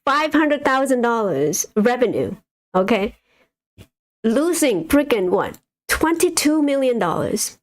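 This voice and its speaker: A woman's voice: a little high, big pitch swings, unhurried. A woman hosting a casual livestream, giving exasperated, blunt commentary on stocks while reading figures off a screen. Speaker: stock market livestream host.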